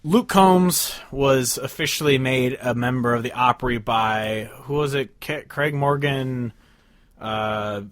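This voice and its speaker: A man co-hosting a casual podcast, blunt and quick to laugh, swearing freely. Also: medium pitch, a bit bright, no echo. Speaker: podcast co-host. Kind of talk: casual chat.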